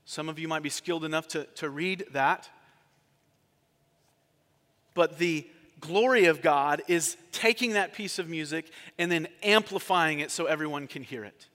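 A man's voice: fairly high pitch, sharp tone. Pastor guy giving a sermon, chatty, keeps asking the crowd stuff, echoey church hall. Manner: conversational preaching, asks the congregation questions.

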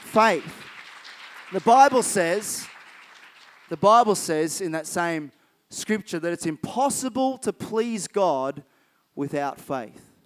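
A man delivers a sermon in a strikingly high, clear and smooth voice. He retells scripture stories with lively emphasis and repeats key phrases to drive his message home. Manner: retells Bible stories vividly, acting out characters' lines. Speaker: preacher.

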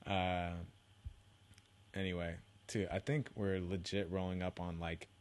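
Young male podcast host, solo rant from home, rambling, profane, self-mocking, lowish voice. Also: level tone, unhurried.

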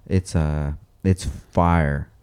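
Podcast co-host: man, 30s, very low, dark mellow tone, easygoing slangy banter. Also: fairly even intonation, drawn-out words, clear, resonant tone. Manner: laid-back slang, swears freely. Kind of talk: casual chat.

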